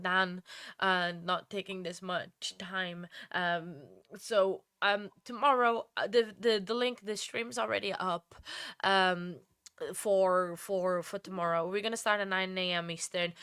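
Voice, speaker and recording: A woman's voice: medium pitch, sharp tone, smooth, dry recording. Tired, emotional woman streamer, dry sound. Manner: rambling, with many restarts and fillers, answering viewers by name; emotional and heartfelt. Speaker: true crime livestream host. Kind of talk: casual live stream chat.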